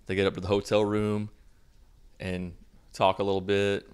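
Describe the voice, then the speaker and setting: A man's voice: lowish voice, little pitch movement, moderate pace, a little mellow, clean tone. A young man casually recapping a movie in a sarcastic, mocking way. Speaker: movie reviewer.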